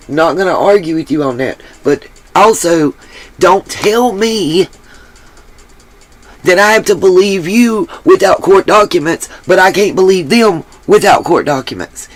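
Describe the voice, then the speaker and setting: A woman hosting her own livestream, talking bluntly and emphatically and swearing freely. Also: fairly low pitch. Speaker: livestream host. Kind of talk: livestream commentary.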